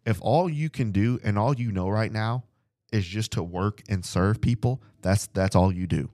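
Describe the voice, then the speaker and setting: A young man with a low voice gives an informal Bible study talk. He speaks conversationally, driving his points home by repeating them. The recording is dry and close. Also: moderate pace, warm tone, dry recording. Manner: conversational, repetitive and emphatic, addresses "guys". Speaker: Bible study podcast host. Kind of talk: informal preaching.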